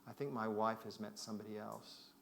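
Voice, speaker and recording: A man quoting a weary, hard-drinking oil field worker who speaks tersely and quietly. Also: lowish voice, flat delivery, a little fast, vocal fry, a little hiss or hum.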